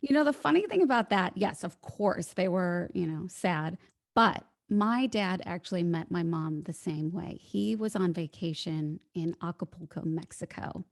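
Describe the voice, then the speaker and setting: A woman's voice: lowish voice, normal speed, no room sound, studio quality. A woman in her thirties with an American accent, a voice coach telling her story in a casual interview. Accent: General American. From United States (Illinois). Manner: animated, storytelling. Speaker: podcast guest, voice coach.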